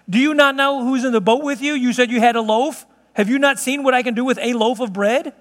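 Brief: exasperated male teacher scolding disciples, very high voice, incredulous questions, put on by a preacher, long hall reverb. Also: fairly bright tone. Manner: rapid-fire rhetorical questions, incredulous.

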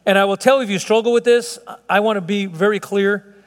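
Earnest preacher man, high voice, hall reverb. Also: fairly even intonation, fast talker. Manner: earnest, conversational preaching with frequent restarts and chuckles. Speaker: pastor. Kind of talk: sermon.

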